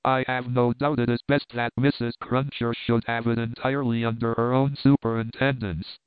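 A man's voice: medium pitch, level tone, moderate pace, smooth, no echo, natural voice. A man voicing a frantic, tearful middle-aged woman companion who pleads in an agitated, breathless way. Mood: distraught. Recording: dry, phone-like narrow sound.

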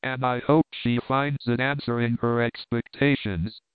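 Distraught weepy lady a guy reads out, pleading, smooth voice, tinny dry sound. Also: medium pitch, fairly even intonation, a little slow, no room sound, close to an everyday voice. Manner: breathless, pleading, agitated. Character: frantic, tearful middle-aged woman companion. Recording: dry, phone-like narrow sound.

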